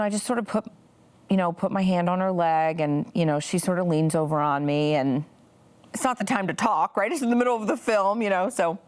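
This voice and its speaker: A woman in her forties telling a personal story as an interview guest, earnest and full of "you know" fillers. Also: low voice. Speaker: guest, pro-life activist.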